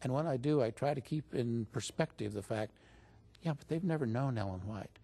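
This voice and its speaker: A man as an interview guest, retelling a story in a conversational, animated way and jumping up in pitch when he quotes others. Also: normal speed.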